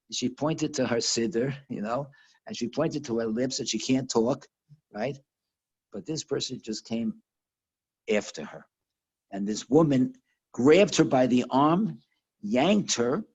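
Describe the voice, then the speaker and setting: Husky, halting male storyteller. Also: medium pitch, a little mellow, low-quality recording. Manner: halting, repeats words, many fillers. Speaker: teacher. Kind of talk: storytelling lesson over video call. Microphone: video call.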